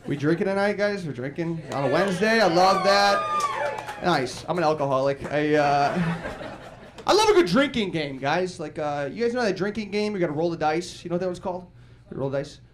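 Brash young stand-up comic with lively pitch. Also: male voice. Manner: brash, rapid-fire punchlines with crowd banter. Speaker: stand-up comedian. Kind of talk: stand-up comedy set. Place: comedy club stage.

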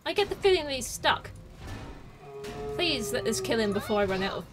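A woman's voice: fairly high pitch, very animated, fairly quick, over music. A woman playing a video game live, joking to herself and crying out as she plays. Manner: playful, exclaiming, joking to herself. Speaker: game streamer. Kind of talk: live gameplay commentary.

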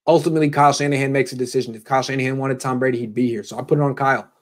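A man's voice: medium pitch, fairly even intonation, very fast. A man hosting a casual sports talk show, giving blunt opinions with a mocking, joking edge. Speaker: sports commentator.

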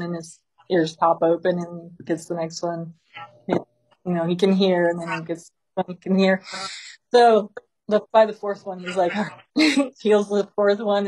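A woman teaching a small group in a casual storytelling way, animated and laughing often as she talks. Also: lowish voice, low-quality recording. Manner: animated, laughing often while telling stories.

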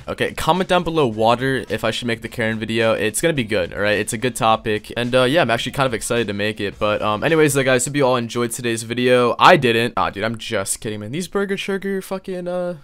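Young male YouTuber, mid-pitched, reads fan fiction aloud with profane, mocking asides. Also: lively intonation, fast talker, hardly any pauses, a bit bright, smooth. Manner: crude, sarcastic, joking asides. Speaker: YouTube host.

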